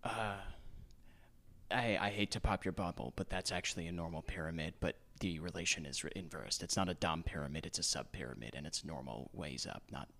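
A cagey undercover journalist, played by a man with a New York accent, talking deadpan and haltingly. His voice sits very low and is heavily fried and gravelly throughout. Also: heavily acted. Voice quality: vocal fry. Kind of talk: improvised comedy podcast.

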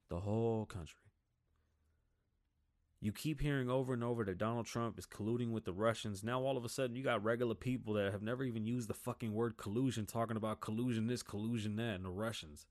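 A man's voice: on the low side, no room sound, clean studio sound. Profane fired-up man ranting. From United States. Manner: profane, heated, talks in bursts and mocks people in loud voices. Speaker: podcast host. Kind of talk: ranting solo podcast monologue.

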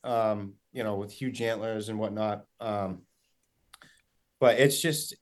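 A man's voice: on the low side, fairly even intonation, takes it slowly. A young man, a guest, telling a story in casual chat, rambling with lots of fillers and quoted dialogue. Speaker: guest hunter.

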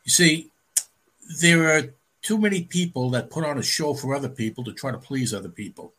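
A man's voice: fairly high pitch, expressive, a little fast, sharp tone. A man speaking bluntly and plainly as a guest in a casual chat.

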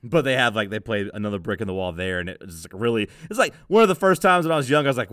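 A man's voice: fairly low pitch, very animated, racing, few pauses, a bit bright, no echo, clean studio sound. A young man co-hosting a casual podcast, telling a rambling story and laughing easily. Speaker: podcast co-host.

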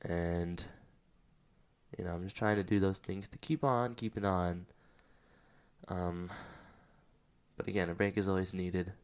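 A man's voice: sits low, fairly even intonation, measured pace, long pauses, a little mellow, smooth. A man hosting a personal podcast, talking candidly and emotionally about his struggles, rambling with many fillers and near tears. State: close to tears. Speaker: podcast host. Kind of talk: personal reflective monologue.

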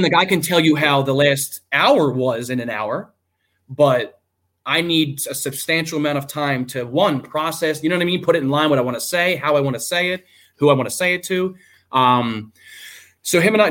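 A man's voice: medium pitch, a bit bright. A young man, an army veteran, telling his story on a video call in a loose, candid way, with many ums and some swearing. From United States. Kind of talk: casual spoken storytelling.

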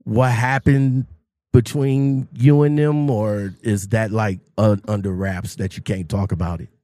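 A man hosting a casual interview, speaking informally and gently with lots of fillers. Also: fairly low pitch, steady tone, unhurried, dry recording, studio quality. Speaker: interview host.

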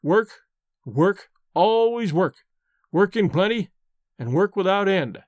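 A man voices an old storyteller, earnest and a little solemn, reminiscing over his glass. The voice sits high for a man, recorded dry and close with no room around it. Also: animated, takes it slowly, darkish tone, no echo. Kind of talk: audiobook reading.

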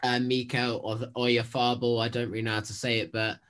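A man's voice: mid-range voice, flat delivery, a little fast, fairly bright tone. Podcast regular guy, rambles a bit, keeps saying i think. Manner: loose, repeats words, hedging. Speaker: podcast regular, transfer pundit. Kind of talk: casual football podcast chat.

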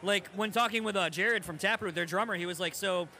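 A man's voice: sits high, a little fast, pushed and bright, a little hiss or hum. A man hosting a casual interview, laid-back and laughing along with his guest. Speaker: podcast host.

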